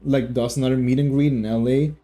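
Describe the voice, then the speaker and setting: A man's voice: mid-range voice, steady tone, fast talker, mellow. A man giving casual commentary on a story game as a streamer, rambling with lots of restarts and joking asides.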